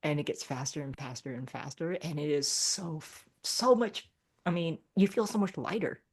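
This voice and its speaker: A woman with a low voice speaks as a podcast guest. She talks in a reflective, casual way and laughs often. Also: moderate pace. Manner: reflective, acts out her own thoughts, laughs often. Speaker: guest, Reiki practitioner.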